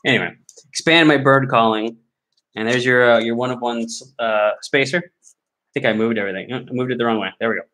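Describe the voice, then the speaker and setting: A man's voice: medium pitch, fairly quick, pushed and bright. Chatty man opening card packs. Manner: chatty, self-joking, trailing off with fillers. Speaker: card break host. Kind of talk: casual live commentary while opening card packs.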